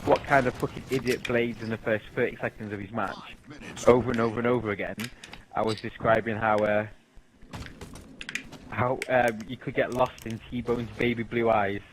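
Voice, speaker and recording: A young British man chats over his game, spinning anecdotes with frequent laughter and casual swearing. His voice sits at an ordinary middle pitch. The recording carries steady background noise from a home headset setup. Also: moderate pace, low-quality recording. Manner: chatty storyteller, laughs often, swears freely. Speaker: gamer telling stories while playing. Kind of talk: casual chat over gameplay.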